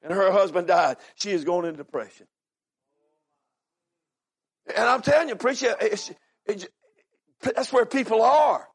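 High-voiced fervent preacher in his seventies. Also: moderate pace, gravelly, slightly rough. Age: 70s. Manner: fervent, swinging from hushed storytelling to shouted cries; peppers talk with "amen" and "are you listening". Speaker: visiting preacher. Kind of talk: sermon.

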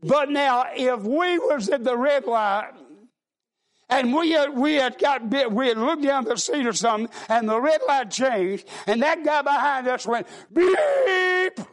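In a very high-pitched voice and at a measured pace, a man preaches a sermon with a folksy style. He checks in with the congregation and frequently circles back, repeating and restarting what he says.

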